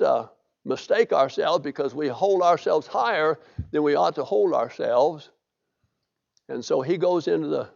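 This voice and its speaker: Folksy male preacher, gravelly voice, muffled sermon recording. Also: fairly high pitch, a little mellow. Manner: folksy storytelling, reads scripture aloud. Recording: dull lo-fi recording.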